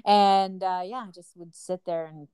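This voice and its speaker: A woman's voice: lowish voice, steady tone, normal speed, dark tone, clean tone, dry recording, studio quality. A woman co-hosting a podcast, chatting casually and frankly and laughing often. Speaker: podcast co-host.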